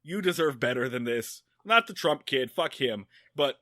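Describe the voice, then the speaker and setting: A man co-hosting a podcast, telling a rambling, animated story in casual chat and swearing freely. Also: mid-range voice, moderate pace, dry recording, studio quality. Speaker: podcast co-host.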